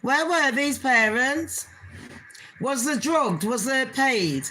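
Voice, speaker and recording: A woman's voice: high voice, expressive, takes it slowly, pushed and bright. A woman hosting her own channel, ranting bluntly in casual commentary and swearing heavily with open scorn. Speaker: channel host.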